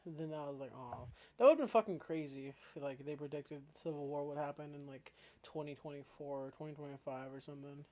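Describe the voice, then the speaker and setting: A man's voice: a little high, fairly even intonation, fairly quick, hardly any pauses. A man chatting casually as co-host of a reaction video, joking and swearing freely. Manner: profane, joking, quiet.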